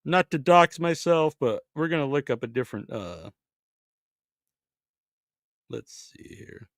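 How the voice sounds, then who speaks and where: A man's voice: a little high, animated, unhurried, no room sound, studio quality. A man hosting a podcast in casual chat, chatty and thinking aloud as he searches online. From Massachusetts. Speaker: podcast host.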